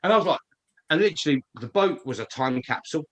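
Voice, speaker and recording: A man co-hosting a casual chat, telling stories excitedly and repeating words as he rushes on. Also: on the high side, slightly rough. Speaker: co-host.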